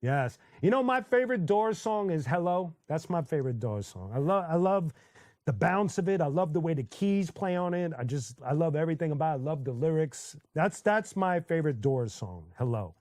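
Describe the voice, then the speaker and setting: A man with a high voice hosts a casual live stream and talks in a loose, chatty way. He tells stories with plenty of energy and slips into quick sung bits and laughter. The sound is dry and close, with no room echo. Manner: animated storyteller who sings snippets and laughs often. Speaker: host.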